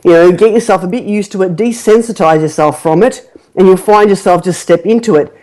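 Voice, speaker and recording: Mellow-voiced, chatty woman podcast host. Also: mid-range voice, brisk, low-quality recording. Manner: animated, rambling with fillers, laughs often. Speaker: podcast host, marketing coach. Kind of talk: casual chat.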